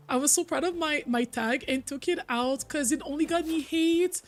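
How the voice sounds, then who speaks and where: A chatty woman streamer from Quebec, Canada, whose first language is French, speaks quickly with few pauses in a high voice. In this casual live-stream chat, she answers viewers' messages as she talks, with soft music in the background.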